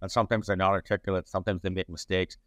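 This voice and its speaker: A man's voice: low-pitched, flat delivery, very fast, fairly bright tone, no echo. A man, a journalist answering interview questions in a rambling way, full of restarts and fillers. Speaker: journalist and playwright.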